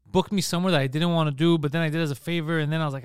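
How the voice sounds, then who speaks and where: A man's voice: on the high side, fairly even intonation, rapid-fire, clean tone, no echo, clean studio sound. A man talking as a podcast host in a casual chat, telling stories animatedly and acting out other people's lines, swearing freely.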